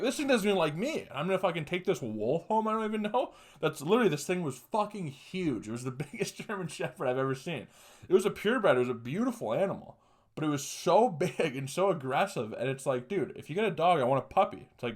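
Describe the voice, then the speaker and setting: A man's voice: a little high, animated, fairly quick. Profane young man telling a story. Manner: profane, laughing, quoting voices. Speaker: podcast host. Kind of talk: casual storytelling.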